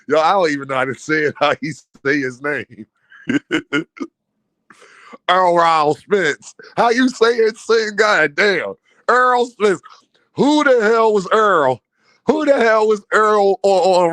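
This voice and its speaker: A man's voice: high voice, a bit bright, no room sound. A man hosting a boxing live stream in casual, slangy talk, laughing often, mocking, and talking to his chat. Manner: laughs a lot, mocking, repeats a running catchphrase.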